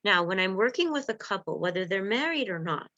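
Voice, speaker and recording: A woman working as a relationship coach gives a live-streamed coaching talk to viewers in a lively, conversational way. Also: mid-range voice, brisk. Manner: lively, conversational, acts out example dialogues. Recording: dull lo-fi recording.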